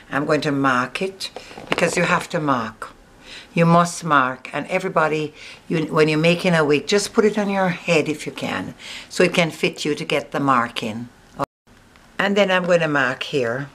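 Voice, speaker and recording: A woman's voice: low-pitched, a bit bright. A woman with a Jamaican accent, chatting casually to her viewers as she walks them through making a wig step by step. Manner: chatty, instructive, talks straight to the viewer. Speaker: hair vlogger.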